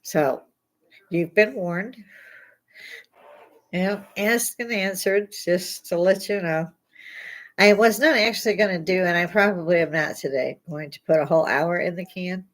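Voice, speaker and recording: A woman's voice: fairly low pitch, unhurried. An older woman hosting a casual livestream from home, rambling and blunt, laughing often. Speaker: livestream host. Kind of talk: casual live chat. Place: home, indoors.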